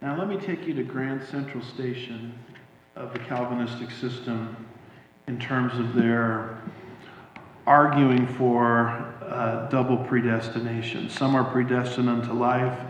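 A man's voice: mid-range voice, steady tone, measured pace. A man preaching a sermon as a pastor, teaching emphatically and explaining Greek words to a congregation. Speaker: pastor teaching a Bible study. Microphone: stage microphone with sound problems. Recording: echoey hall through a dull, lo-fi sound system with faint hum.

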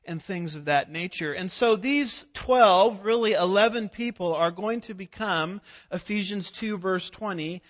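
A man preaching an expository sermon, emphatic, slowing down to stress key words and posing rhetorical questions. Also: sits high, fairly bright tone, lo-fi sound.

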